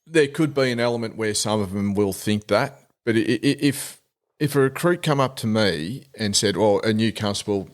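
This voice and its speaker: Australian sergeant, lowish voice, earnest and frank, loose conversational delivery. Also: male voice, moderate pace. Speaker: police sergeant. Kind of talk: casual podcast chat.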